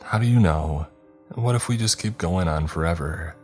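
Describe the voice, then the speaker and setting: A terrified woman in a horror story, put on by a male narrator with a very deep voice. Her words come out shaky and pleading, pitched higher than the narration around her. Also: moderate pace, darkish tone, faint music behind, lightly acted. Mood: scared. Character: frightened young woman trapped with the narrator.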